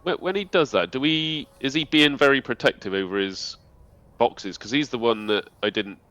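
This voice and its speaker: A man's voice: medium pitch, moderate pace, fairly bright tone, no room sound. A man playing a tabletop game, talking hesitantly with many restarts and a curious tone. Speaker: player.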